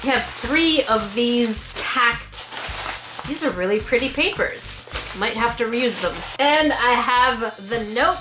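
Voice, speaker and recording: A young woman from Quebec chatting excitedly to camera as she unboxes fan mail at home. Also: fairly high pitch, takes it slowly, over music. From Quebec, Canada. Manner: chatty and excitable, laughs often. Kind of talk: casual chat to camera. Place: room at home. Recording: echoey room.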